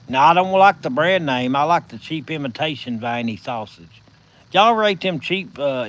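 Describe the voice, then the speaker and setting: A man with a Southern US accent hosting a casual live stream from his phone, telling stories in a folksy, drawn-out way. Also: medium pitch, fairly bright tone, poor audio. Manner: folksy, drawn-out storytelling with chuckles.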